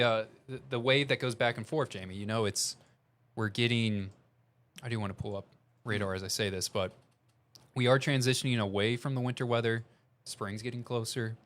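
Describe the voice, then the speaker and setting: A man's voice: mid-range voice, fairly bright tone. Southern Missouri man urgently covering storms. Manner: urgent, conversational, reading updates aloud. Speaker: meteorologist. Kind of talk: live severe weather broadcast.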